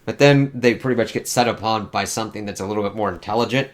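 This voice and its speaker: Low-voiced man rambling through a comic review. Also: quick pace. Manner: rambling, profane, many fillers. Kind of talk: casual spoken review.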